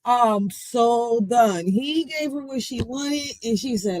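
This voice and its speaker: Slow, blunt woman in a dry room. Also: on the high side, darkish tone, dry recording, low-quality recording. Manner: blunt, exasperated, swears. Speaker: reaction channel host. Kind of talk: casual commentary.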